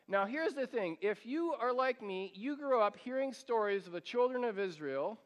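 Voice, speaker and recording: High-voiced preaching man in a reverberant hall. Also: dull audio. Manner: earnest preaching, pleads with the congregation. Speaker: pastor. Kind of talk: sermon.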